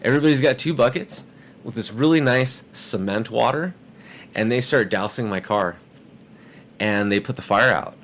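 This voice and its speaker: A man's voice: medium pitch, moderate pace, slight background noise. A man telling a story in a casual podcast chat, acting out the voices of people in it. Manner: animated, acts out quoted voices. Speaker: podcast guest.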